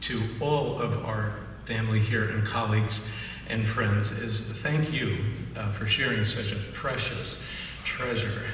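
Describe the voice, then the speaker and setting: A man's voice: lowish voice, steady tone, measured pace, hardly any pauses, a bit bright. A man giving a memorial tribute speech, telling a story animatedly and laughing often. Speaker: music industry artist relations rep. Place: memorial gathering in a large hall. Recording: echoey hall from far off, noisy.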